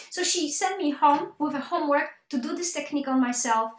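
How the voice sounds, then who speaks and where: High-voiced woman telling a story in an echoey room. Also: fairly quick, hardly any pauses. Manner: animated, acts out quoted dialogue, frequent restarts. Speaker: keynote speaker. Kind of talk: webinar talk with storytelling.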